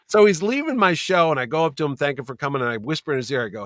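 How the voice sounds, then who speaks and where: A man's voice: on the high side, very fast, hardly any pauses, no echo. A man telling rambling stories in a casual chat, swearing often and acting out what others said. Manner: animated storyteller, swears freely, acts out quotes. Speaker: convention owner and guest. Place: basement room.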